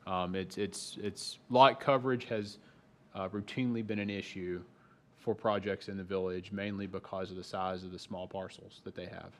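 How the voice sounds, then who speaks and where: A man on a town's planning staff, explaining zoning rules at a public meeting in a measured way with frequent restarts. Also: deep voice, fairly even intonation, a bit bright. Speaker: town planning staff member. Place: town hall meeting room.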